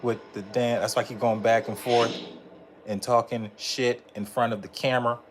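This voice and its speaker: A man's voice: mid-range voice, moderate pace, noisy background. A man chatting casually on a live stream as he reacts to movie clips, swearing a lot and laughing often. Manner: profane, animated, laughing often. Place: indoors in front of a screen.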